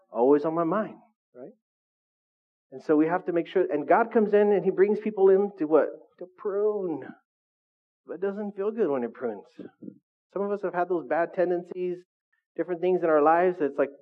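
Middle-aged male pastor, chatty sermon style, higher voice, phone-like thin sound. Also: brisk, long pauses. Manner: conversational preaching, asks the audience questions.

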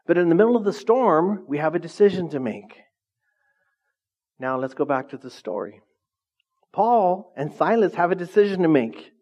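A middle-aged male pastor preaching a lively, conversational sermon, often asking the congregation questions. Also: a little high. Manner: asks the congregation frequent questions. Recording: dull lo-fi sound.

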